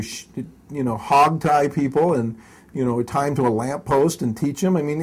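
A man's voice: fairly high pitch, darkish tone, breathy edge. An older man recounting personal memories as an interview guest, chuckling often and restarting his sentences. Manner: chuckling storyteller with many restarts.

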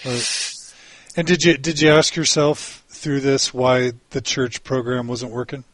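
A man interviewing a guest, asking questions haltingly, with many restarts and fillers. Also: medium pitch, level tone, a bit bright, dry recording. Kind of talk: casual interview.

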